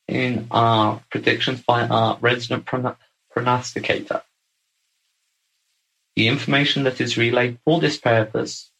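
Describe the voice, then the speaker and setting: A man's voice: medium pitch, fairly bright tone, poor audio. A man giving a formal, pompous address as guest speaker, in wordy, solemn phrasing.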